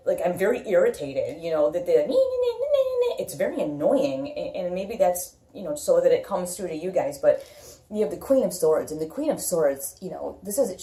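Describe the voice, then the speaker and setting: Woman tarot reader, blunt and rambling, low mellow voice, roomy echo. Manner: blunt, repetitive, thinks aloud with many fillers. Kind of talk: casual tarot reading monologue.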